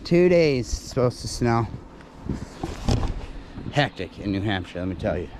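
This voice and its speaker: A man chatting casually to the camera and his dog outdoors in deep snow, playful and slangy. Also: sing-song, unhurried, noisy background. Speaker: dog breeder and vlogger. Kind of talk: casual vlog chat.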